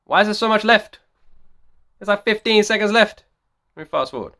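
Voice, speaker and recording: A man's voice: sits high, lively intonation, moderate pace, bright, forceful tone. A man commenting on a song in a reaction video, emphatic and repeating his rhetorical questions. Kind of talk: excited music reaction commentary.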